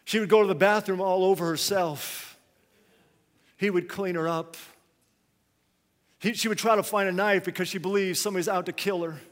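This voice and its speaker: A male pastor preaching a sermon, swinging between quiet, hushed phrases and loud, raised ones. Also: sits high, steady tone, moderate pace, long pauses, big-room sound.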